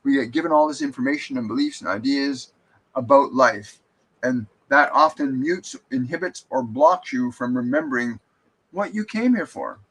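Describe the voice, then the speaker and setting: A man's voice: medium pitch, wildly swooping pitch, moderate pace, vocal fry, a bit bright, slightly rough, poor audio. A man hosting a live stream as a spiritual medium. He reads viewer comments aloud and answers them in an earnest, reassuring way, often restarting his sentences.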